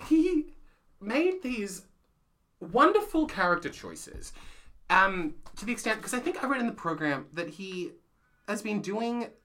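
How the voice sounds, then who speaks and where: A man co-hosting a casual theatre chat, animated and quick to laugh and act out quotes. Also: high-pitched. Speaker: podcast co-host; playwright.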